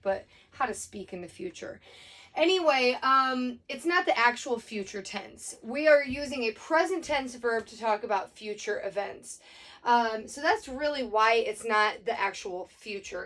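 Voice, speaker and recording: A woman's voice: a little high, a bit bright, far from the mic. A woman Spanish teacher giving a casual recorded lesson, explaining grammar step by step with many fillers.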